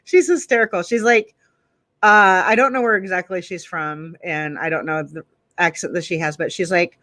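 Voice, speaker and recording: Guest, candid casual chat, quick to laugh, crisp bright tone. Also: medium pitch, fairly even intonation, no echo. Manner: candid, self-deprecating, laughs easily.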